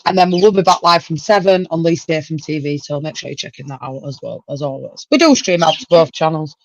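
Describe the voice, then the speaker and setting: A woman hosting a casual livestream chat, talkative and quick to exclaim. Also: deep voice, lively intonation, no echo, dull audio. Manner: chatty, exclaims and laughs often. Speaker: livestream host.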